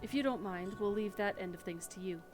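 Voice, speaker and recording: A woman's voice: mid-range voice, brisk, faint music behind, close to an everyday voice. A woman reading the part of a plain-spoken country rancher woman from a game, in folksy speech. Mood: wry.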